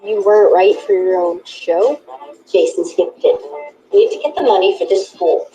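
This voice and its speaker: A woman's voice: mid-range voice, lively intonation, normal speed, mellow, lo-fi sound, soft background music, lightly acted. A woman playing a supportive friend in a film trailer, upbeat and encouraging.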